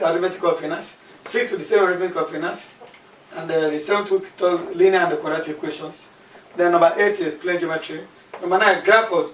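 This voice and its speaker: A male mathematics teacher with a high voice leads a classroom lesson, repeating key terms and asking questions aloud. He's recorded from far off in an echoey room with faint background noise.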